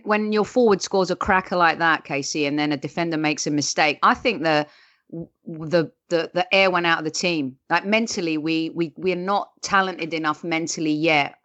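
A woman's voice: deep voice, a bit bright. A woman on a football fan talk show who analyses the game earnestly, often restarting her sentences. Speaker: football podcast panelist. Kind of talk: casual fan chat and analysis. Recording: dull lo-fi audio.

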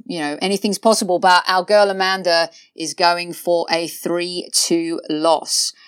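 A woman's voice: on the low side, a bit bright, no room sound, clean studio sound. A woman hosting a football podcast, chatting casually with many fillers like "uh" and "you know". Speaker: podcast host.

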